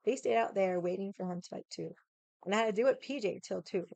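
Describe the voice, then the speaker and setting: A woman vlogger telling a story in a casual, animated way, swearing a lot and using lots of "like" fillers. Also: medium pitch, fast talker, vocal fry, no room sound. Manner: animated, heated retelling.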